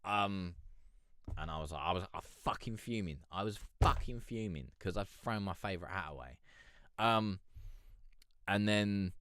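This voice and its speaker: Deep-voiced sweary man. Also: unhurried, a bit bright, dry recording, studio quality. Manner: rambling, sweary storytelling with many fillers. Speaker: livestream host. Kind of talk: casual live-stream chat.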